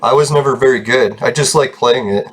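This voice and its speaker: Husky swearing gaming guy. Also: mid-range voice, brisk. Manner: rambling, swears often, laughs at own stories. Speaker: gaming YouTuber. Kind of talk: casual gameplay commentary with stories.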